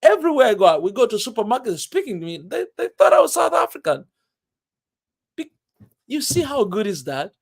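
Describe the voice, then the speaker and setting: Man, high voice, casual vlog monologue, emphatic, laughs easily. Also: very animated, brisk, vocal fry. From Tanzania. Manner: emphatic, keeps saying "man", laughs often. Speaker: vlogger.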